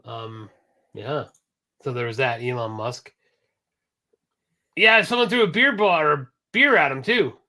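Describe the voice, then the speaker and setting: Man, podcast co-host, casual chat, bright forceful voice, swears freely. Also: medium pitch, a little slow, long pauses. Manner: animated, loud impressions, swears freely.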